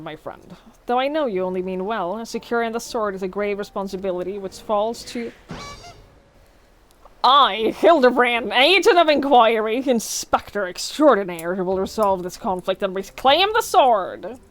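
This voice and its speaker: Woman doing Hildibrand, a pompous gentleman inspector. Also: medium pitch, expressive, normal speed, slight background noise, natural voice. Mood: grandiose. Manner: grandiose, theatrical declarations. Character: pompous, flamboyant gentleman inspector, adult man. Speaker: streamer. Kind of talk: reading game dialogue aloud with voices.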